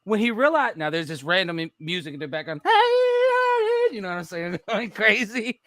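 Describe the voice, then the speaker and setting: Man, casual podcast chat, high voice, bright tone, animated storyteller. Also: fast, no echo, studio quality. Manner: animated storytelling, acting out quotes, laughing often. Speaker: podcast co-host.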